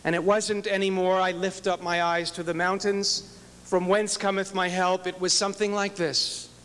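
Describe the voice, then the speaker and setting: A man's voice: high voice, little pitch movement, normal speed, clear, resonant tone. A man, a rabbi, telling a personal story in an earnest, inspirational speech at an event. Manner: earnest, storytelling, acts out quoted prayers softly. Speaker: rabbi and speaker. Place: large event hall. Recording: hall with long reverb.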